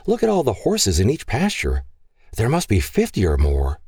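A man's voice: on the low side, huge pitch swings, moderate pace, darkish tone, breathy edge, no room sound, studio quality, pitched above the performer's own voice, heavily acted. A man voicing a genteel young woman who is newly arrived and full of wonder, lifting his voice for her lines. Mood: awed.

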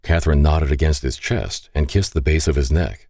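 A man narrating a romance audiobook in a smooth, intimate storytelling manner. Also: extremely low pitch, moderate pace, dark tone, no room sound, studio quality.

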